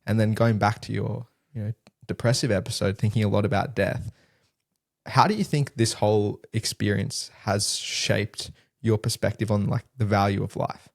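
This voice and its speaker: A man hosting a podcast asks long, rambling questions, full of "you know" and "kind of". His voice is low and gravelly. The sound is dry and close. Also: steady tone, normal speed, no room sound. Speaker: podcast host. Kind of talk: interview questions.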